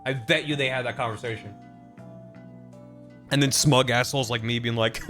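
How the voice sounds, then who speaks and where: A man's voice: medium pitch, fairly even intonation, normal speed, long pauses, pushed and bright, faint music behind. A man streaming a video game, chatting casually and animatedly, swearing often and mocking himself.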